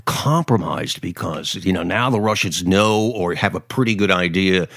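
A man's voice: deep voice, moderate pace, vocal fry, fairly bright tone, no echo, clean studio sound. A man hosting a political commentary show, delivering a sarcastic, mocking, rambling monologue with many restarts. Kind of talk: opinionated monologue.

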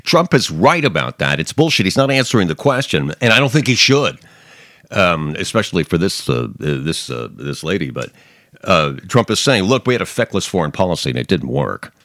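A man's voice: low voice, big pitch swings, moderate pace, fairly bright tone, no echo, studio quality. A middle-aged man hosting a podcast, giving rambling, emphatic political commentary with many restarts and mocking asides. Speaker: podcast host.

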